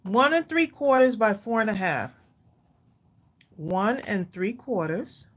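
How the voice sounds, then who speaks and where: A woman's voice: mid-range voice, sing-song, takes it slowly. A woman hosting a live crafting tutorial, chatty and laughing as she talks straight to her viewers. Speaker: craft livestream host.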